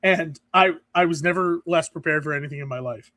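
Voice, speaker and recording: Man, American, podcast co-host, joking, laughs at own jokes, high voice, dry close sound. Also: fairly quick, sharp tone, no room sound. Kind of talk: casual chat.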